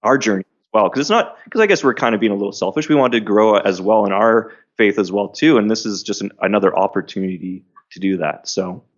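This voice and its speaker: A man speaking as a podcast guest, earnest and quick to laugh. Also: lowish voice, lively intonation, dull audio. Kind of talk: casual interview.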